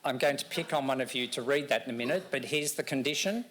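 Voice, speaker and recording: A man giving a lecture on reading to a live audience in a lecture room, teasing and animated as he talks. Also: medium pitch, fast talker. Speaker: education speaker.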